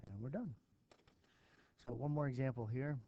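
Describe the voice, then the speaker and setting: A man's voice: medium pitch, normal speed, slightly rough, muffled recording. A man teaching a recorded statistics lesson, thinking aloud with fillers as he works through an example for his students. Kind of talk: recorded math lesson walkthrough.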